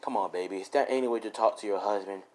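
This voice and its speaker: A man voicing an abusive ex-husband in an improvised fan story, speaking low and quiet in a menacing way. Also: fast talker, natural voice, poor audio. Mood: wheedling. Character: abusive, crude middle-aged ex-husband.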